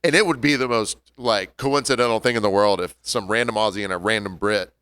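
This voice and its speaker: A man's voice: lowish voice, brisk, a bit bright, clean tone, dry recording, studio quality. A man co-hosting a podcast, telling rambling anecdotes in casual banter. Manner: rambling anecdotal storyteller with restarts. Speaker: podcast co-host, bartender.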